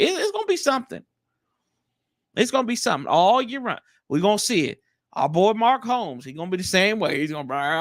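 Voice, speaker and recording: A man hosting a live stream, chatting casually and reading viewer comments in a slangy, animated way. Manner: animated, slangy, jumps pitch often. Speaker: livestream host.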